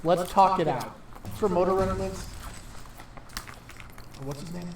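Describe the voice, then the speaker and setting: A man's voice: sits high, normal speed, background noise. A man casually chatting and joking while streaming a game, swearing freely. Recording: roomy sound from a distant mic.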